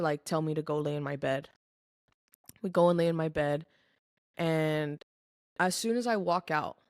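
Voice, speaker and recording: A woman's voice: low voice, no room sound. Candid young woman, dry close sound. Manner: candid, filler-heavy speech with frequent "like"; earnest and emotional. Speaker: podcast guest. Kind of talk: personal testimony in casual chat.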